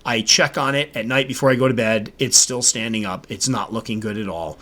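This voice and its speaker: Man, podcast host, casual solo talk, animated storytelling, exasperated asides, mid-pitched voice. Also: a little fast. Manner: animated storytelling, acts out his own exasperated reactions.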